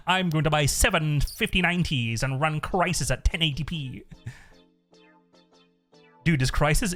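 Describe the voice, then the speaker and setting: A man streaming live, chatting casually in a rambling way, swearing a lot and laughing often. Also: on the high side.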